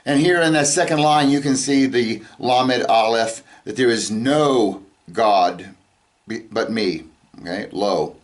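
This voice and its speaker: A man teaching a casual scripture lesson who talks conversationally, pauses often on "uh" and keeps checking in with listeners. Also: medium pitch. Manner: conversational, checks in with "all right?" and "okay?"; stops often with "uh" and restarts. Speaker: Bible teacher.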